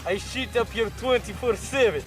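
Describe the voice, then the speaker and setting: A man puts on a high, stilted voice for an odd male recluse, heavy with a deliberately bad Russian accent. It is heard from well off the mic, and music plays clearly behind it, as in a short comedy film clip. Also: distant mic. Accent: put-on bad Russian accent. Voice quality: stilted, clumsy delivery.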